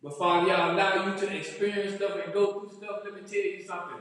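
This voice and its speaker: High, bright-voiced preaching man in a hall. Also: little pitch movement, fast. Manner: preaching with rising, shouted emphasis. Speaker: pastor. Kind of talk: sermon. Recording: echoey hall, far from the mic.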